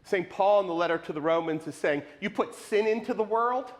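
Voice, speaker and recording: A man preaching a sermon to his congregation, animated and questioning, with lots of rhetorical repetition. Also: high voice, brisk. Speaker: pastor. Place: church sanctuary. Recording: live in a reverberant sanctuary.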